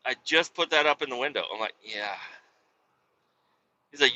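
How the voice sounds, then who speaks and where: In the cab of his moving truck, a man from Kansas City, USA rambles through crude stories that make fun of himself. He speaks in a mid-range voice at a measured pace, pausing often, with a sharp tone on a muffled recording.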